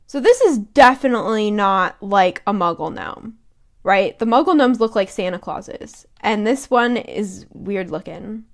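A woman's voice: mid-range voice, lively intonation, measured pace. A young woman co-hosting a podcast, chatting casually about a book and giggling as she reads quotes aloud in voices. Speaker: podcast co-host.

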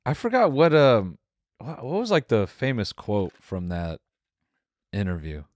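A man's voice: on the low side, wildly swooping pitch, a little mellow, no room sound, studio quality. A young man co-hosting a podcast in easygoing casual chat, often laughing. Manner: laid-back, quick to laugh. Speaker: podcast co-host.

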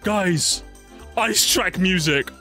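A young man doing casual live-stream commentary while ranking game tracks, swearing a lot and jumping into high-pitched squeals when annoyed. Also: drawn-out words, sharp tone. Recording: game music playing faintly behind.

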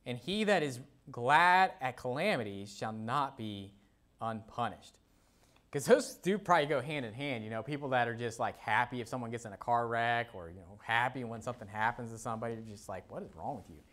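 Male pastor, mid-pitched, casual pulpit talk, checks in with "okay?", reads verses aloud. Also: brisk, a bit bright. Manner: conversational, peppered with "okay?" and "you know"; reads scripture aloud in King James wording. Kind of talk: sermon.

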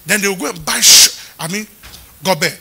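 A man, a pastor preaching a sermon with lively storytelling and acting out the people he quotes. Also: high-pitched, normal speed, slightly rough.

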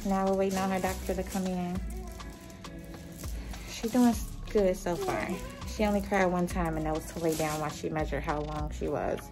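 A woman's voice: on the low side, fairly even intonation, normal speed, music in the background, poor audio. A pregnant woman, chatting casually to her viewers as a vlogger, a bit out of breath, calling them y'all. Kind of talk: casual vlog chat to viewers. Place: car, then doctor's office.

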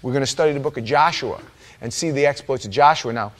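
A man's voice: medium pitch, fast talker. Chatty joking pastor, a man. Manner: chatty and joking, bantering with the congregation. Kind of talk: informal Bible-study sermon. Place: church sanctuary.

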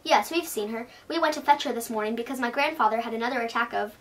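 A helpful young farm boy, eager and open, read by a woman telling a storybook. His voice is high and keen, heard from a little way off. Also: quick pace, natural voice. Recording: voice from a distance.

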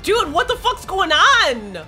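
Woman let's-play host, lively swooping pitch, foul-mouthed and easily panicked. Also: slow, soft background music. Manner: excitable, swears a lot, shrieks when panicked. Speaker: gaming streamer.

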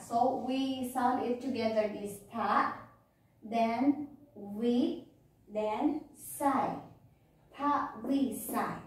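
A woman's voice: a little high, darkish tone. A woman teacher giving a phonics lesson to children, patiently repeating words and checking understanding. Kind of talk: slow classroom phonics lesson. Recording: echoey room, distant mic.

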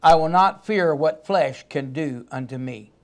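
A man delivers a sermon in a high-pitched voice. He preaches emphatically, breaking into sudden loud outbursts. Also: measured pace.

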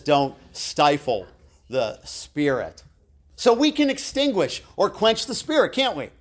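A middle-aged man teaching a live church Bible class, telling personal stories in a chatty, self-deprecating way with asides to his listeners. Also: high-pitched.

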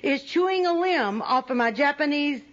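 A woman's voice: high voice, animated, normal speed, fairly bright tone. A woman speaking at a recovery meeting, telling personal stories with humor and often laughing at herself. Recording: dull lo-fi recording with faint audience.

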